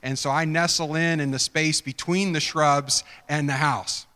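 A man preaching a sermon, telling a personal story with animated swings from hushed whispers to shouts. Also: a little high, a little slow, long reverb tail. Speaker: pastor.

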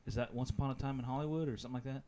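A man co-hosting a podcast, asking questions in a relaxed casual chat. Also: medium pitch, racing. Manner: laid-back, asks questions. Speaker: podcast co-host.

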